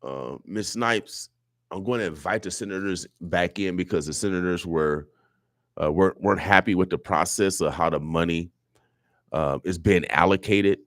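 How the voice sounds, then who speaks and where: A man's voice: deep voice, normal speed, no echo, clean studio sound. A man hosting a radio show, delivering an emotional, preachy monologue with lots of repetition. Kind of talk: impassioned talk radio monologue. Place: radio studio.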